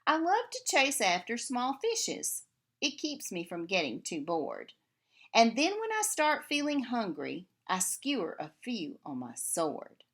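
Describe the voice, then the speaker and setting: A boastful swordfish from a rhyming storybook who brags about skewering small fish, as a woman reads it aloud. The voice is bright and lively, paced slowly to the rhyme. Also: fairly high pitch, husky, heavily acted. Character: bored, hungry swordfish that chases small fish.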